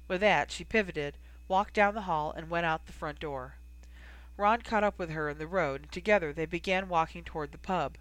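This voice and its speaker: Audiobook narrator, steady storytelling, dry close sound, mid pitch. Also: moderate pace, no echo, rough recording. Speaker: audiobook reader. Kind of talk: scripted narration.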